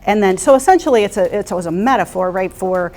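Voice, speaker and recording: A woman's voice: mid-range voice, lively intonation, fast. A middle-aged woman telling her career stories in an interview, candid and reflective, often restarting her sentences. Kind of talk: interview storytelling. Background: soft music.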